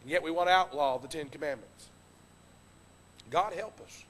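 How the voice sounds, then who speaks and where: Man preaching a sermon, high voice, long church-hall reverb, loud then hushed. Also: moderate pace. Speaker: pastor. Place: church sanctuary.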